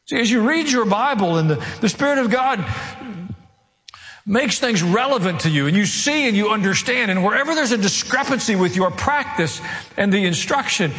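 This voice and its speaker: A man preaching a sermon as pastor, earnest and pleading, acting out quiet prayers. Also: very high-pitched, lively intonation, moderate pace, long reverb tail.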